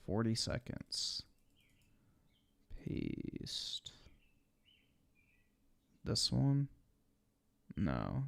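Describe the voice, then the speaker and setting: A man's voice: fairly low pitch, wildly swooping pitch, very slow, vocal fry, pauses often. A young man giving blunt, profane live-stream commentary while he watches videos.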